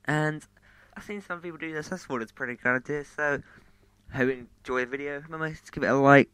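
A man's voice: fairly high pitch, a bit bright, smooth, dry recording. A man hosting a gaming channel, talking in an upbeat, chatty way in a casual video intro. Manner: upbeat, chatty, quick asides.

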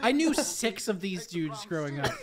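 A woman co-hosting a casual movie commentary, crude and quick to laugh. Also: lowish voice, big pitch swings, a crowd in the background. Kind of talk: casual riffing commentary with drinking.

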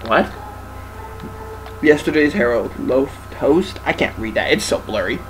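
A man's voice: mid-range voice, lively intonation, a little slow, a little hiss or hum, low-quality recording. A young man hosting a let's play, joking and bantering casually while playing. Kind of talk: casual gaming commentary.

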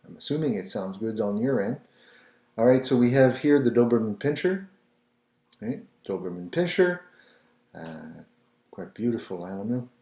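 Man, low mellow voice, slow and patient language tutor in a roomy space. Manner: patient, repeats words for the listener to copy. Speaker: French language teacher. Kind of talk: slow, repetitive pronunciation lesson. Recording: roomy echo.

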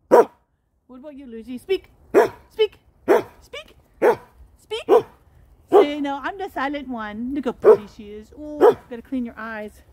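A woman with a high, soft, mellow voice films her pets at home on a handheld phone. She coos at them in sing-song baby talk and bursts into gleeful cheers as they play. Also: a little hiss or hum. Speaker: pet vlogger. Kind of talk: casual home vlog. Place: home with pets, partly outdoors in snow.

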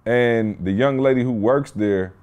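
A man's voice: medium pitch, a little slow, darkish tone, smooth. A man hosting a podcast, telling a story in casual, slangy chat. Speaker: podcast host.

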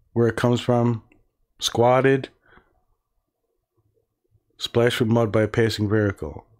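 A man with a low voice talks slowly and unhurriedly through a casual livestream. He reads aloud and reacts with sarcastic, profanity-laced asides, often muttering under his breath. He sounds like he is speaking into a home streaming mic. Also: darkish tone. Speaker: livestream host. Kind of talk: casual livestream reading and commentary.

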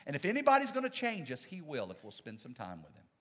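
A man, a pastor, preaching a sermon with dynamic swings from loud to soft. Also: fairly high pitch, huge pitch swings, fast talker, long reverb tail. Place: church sanctuary.

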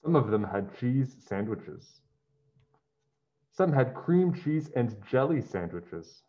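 Man storybook reader, unhurried, muffled recording. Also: medium pitch, very animated, slight background noise. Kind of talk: children's story read-aloud. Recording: dull lo-fi sound.

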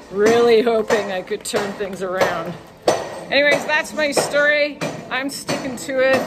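A woman tour guide talking in a candid vlog monologue, laughing often and swearing freely. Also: mid-range voice. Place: outdoors on a hillside lookout.

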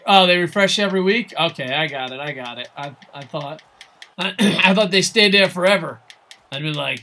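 A man streaming a video game, chatting casually with viewers in an excitable, rambling way, swearing often and poking fun at himself. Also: fairly high pitch, a little fast. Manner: excitable, rambling, swears a lot, self-mocking. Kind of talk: casual live-stream chat while gaming.

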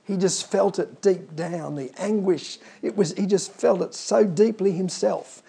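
A man's voice: high-pitched, measured pace, vocal fry, mellow, husky. A man preaching a sermon, emphatic and calling out to the congregation.

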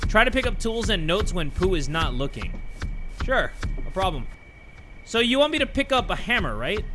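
A young man hosting a horror game let's play, joking and swinging from loud outbursts to quiet muttering. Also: high voice, big pitch swings, normal speed, pauses often, a little hiss or hum. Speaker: gaming YouTuber.

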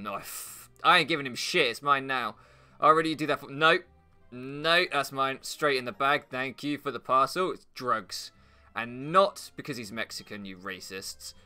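Young British gaming YouTuber, bright sharp voice, sarcastic rambling commentary, faint music behind. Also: male voice, mid-range voice. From Britain. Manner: rambling, sarcastic, swears, mock-outraged outbursts. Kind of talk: casual game commentary. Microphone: floor mic at first, then desk mic.

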